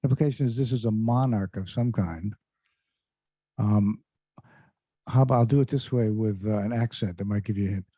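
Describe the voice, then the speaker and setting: With a warm, slightly rough, lowish voice, this career speaker talks at normal speed with long pauses. He quizzes his video-call audience during an online presentation, sounding conversational and using many fillers. There's no room sound, but the computer mic gives dull, lo-fi audio.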